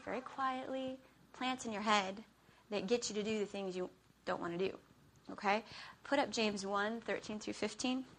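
A woman's voice: mid-range voice, fairly bright tone, slight background noise. A woman giving a conversational Bible teaching into a handheld mic. She keeps checking in with "okay?" and acts out everyday scenes. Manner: chatty, checks in with "okay?" often.

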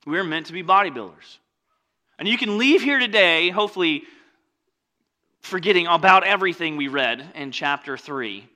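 A male pastor preaching a sermon in a conversational way, mixing scripture with joking asides and swinging from loud, lively stretches to quiet ones. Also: on the high side, normal speed.

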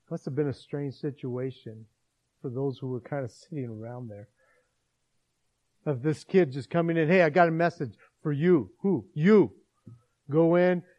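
A man preaching a sermon, retelling a Bible story as a lively storyteller. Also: fairly high pitch, dull audio. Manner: animated storyteller acting out scenes.

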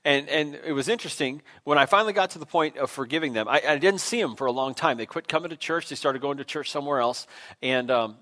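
A man's voice: on the high side, fast talker, pushed and bright. A man, a pastor, preaching a sermon in a church in a conversational, self-deprecating way, with frequent fillers and restarts. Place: church sanctuary.

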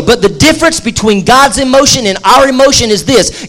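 Male pastor, high voice, lively conversational preaching with playful asides. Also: brisk, hardly any pauses. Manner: lively preaching, jokes and quoted asides, varies pace. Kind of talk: sermon.

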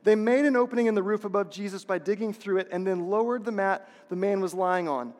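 A man's voice: sits high, fairly quick, darkish tone. A man preaching a sermon as a pastor, passionate and repetitive, asking the congregation rhetorical questions. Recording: long reverb of a large hall.

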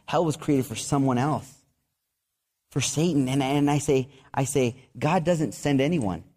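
A man preaches in an everyday, mid-range voice with nothing about it that stands out. He talks to the congregation like a friend, restarting and repeating words, and he gets animated when he tells a story. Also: medium pitch, a little slow. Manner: animated storytelling with excited outbursts. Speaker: pastor. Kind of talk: sermon.

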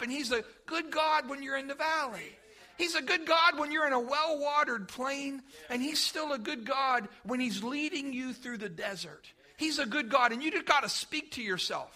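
A man preaching at a church service with a strikingly high voice. His tone is very bright and forceful. He leans hard on key words, drawing them out slowly, then slips into playful asides. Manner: emphatic preaching with slow drawn-out stresses and playful asides. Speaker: pastor. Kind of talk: sermon.

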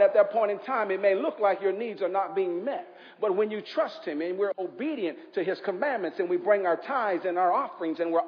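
A man's voice: high voice, big-room sound, muffled recording. A man with an East Coast American accent preaching a sermon in a church, urging the congregation to respond aloud. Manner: impassioned preaching with call-and-response. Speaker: pastor.

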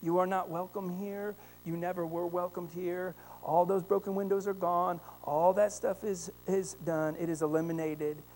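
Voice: mid-range voice, steady tone, normal speed, hardly any pauses, a little mellow. Fervent pastor preaching with rising intensity. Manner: storytelling, addressing the congregation directly with rising fervor; frequent "right?" tag questions. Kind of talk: sermon.

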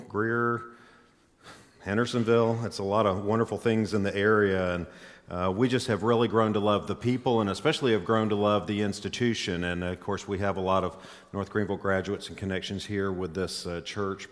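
A middle-aged man from Mississippi with a faint Southern accent, preaching as a guest in a church in a folksy, chatty way full of "uh" fillers. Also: on the low side. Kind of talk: sermon. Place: church sanctuary. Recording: echoey church hall.

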